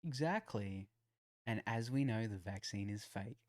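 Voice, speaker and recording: Laid-back man, low dry voice. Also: animated, unhurried, dry recording. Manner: laid-back, swearing, joking. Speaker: podcast co-host. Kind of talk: casual chat.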